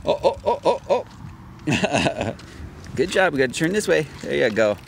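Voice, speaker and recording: A man's voice: sing-song, unhurried, vocal fry, slight background noise. Man in sing-song pet talk, wildly swooping. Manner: coaxing, praising, hums "do do do" in a high sing-song. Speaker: dog owner filming a walk. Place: outdoors on a street.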